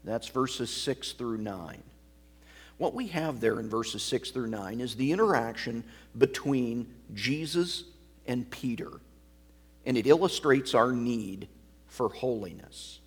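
Male pastor, husky voice, unhurried expository sermon, walks through the text point by point. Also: medium pitch, animated. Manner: measured teaching, explaining a passage line by line.

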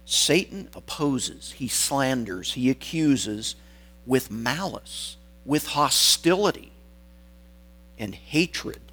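A man preaching a sermon, stressing key words and pausing for weight between phrases. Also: mid-range voice, animated, fairly bright tone, low-quality recording. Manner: deliberate, emphatic phrasing with dramatic pauses.

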